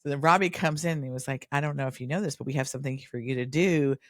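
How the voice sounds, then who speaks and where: A woman co-hosts a casual podcast chat, animatedly telling stories and acting out what people said. She has a very deep voice and talks very fast, recorded in studio quality with no room sound.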